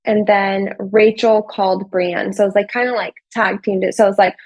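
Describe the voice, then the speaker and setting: A woman's voice: mid-range voice, fairly even intonation, normal speed, darkish tone, no echo, low-quality recording. A woman telling her story as an interview guest, talking casually with lots of "like" and acting out what people said. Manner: chatty, fills with "like", acts out quoted dialogue.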